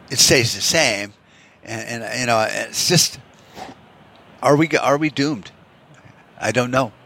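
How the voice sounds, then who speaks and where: A man's voice: medium pitch, fairly bright tone. A man ranting in a rambling, profane solo monologue as a podcast host, peppering everything with "you know.".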